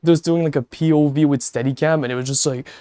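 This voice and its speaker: A man's voice: fairly high pitch, fairly even intonation, fast, mellow, clean tone, no echo, clean studio sound. A man chatting casually on a stream, telling stories with a lot of swearing and laughter. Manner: profane, laughing storyteller; talks to chat viewers.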